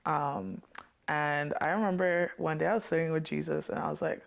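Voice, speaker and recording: A woman from the Caribbean, a guest in an interview, telling stories in an animated, playfully fierce way and laughing often. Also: low voice, a little slow, creaky. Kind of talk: casual storytelling interview.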